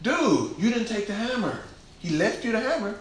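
A man preaching a sermon in a church, lively and conversational, acting out quotes and laughing along with the congregation. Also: high-pitched, moderate pace, a little hiss or hum. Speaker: pastor. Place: large church sanctuary. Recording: echoey church room.

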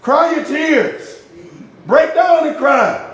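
A man preaching a sermon with passion, using street slang, swinging between loud shouts and low hushed lines. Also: animated, slow pace, reverberant. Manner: uses street slang for emphasis.

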